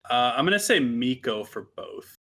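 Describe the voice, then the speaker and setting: Gravelly guy co-commentating, hesitant, agrees a lot, mid pitch. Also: sing-song, normal speed, a bit bright. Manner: agreeable, hesitant, many uh-huhs and restarts. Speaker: guest commentator. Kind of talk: casual live game commentary.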